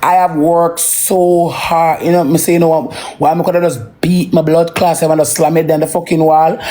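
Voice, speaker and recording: A parent with a Jamaican accent in an emotional, profane ranting monologue that swings between slow brooding and heated outbursts. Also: mid-range voice, darkish tone. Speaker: social media livestreamer.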